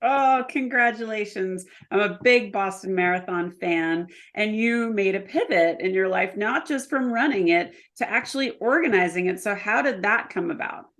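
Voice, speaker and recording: A woman's voice: medium pitch, moderate pace, few pauses, a bit bright. A woman hosting an interview who asks short, enthusiastic questions. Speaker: host.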